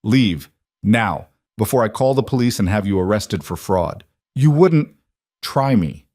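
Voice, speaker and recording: A low-voiced man narrating a dramatic story at a measured, even pace. The recording is dry and close, with no room sound. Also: no echo.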